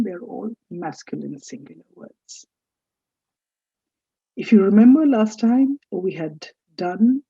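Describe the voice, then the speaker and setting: Woman, patient teacher, very slow pace, dull lo-fi sound. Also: mid-range voice, creaky, mellow, breathy edge, dry recording. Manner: slow, patient, repeats words for learners to copy. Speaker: French teacher. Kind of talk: recorded language lesson. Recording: dull lo-fi dry recording.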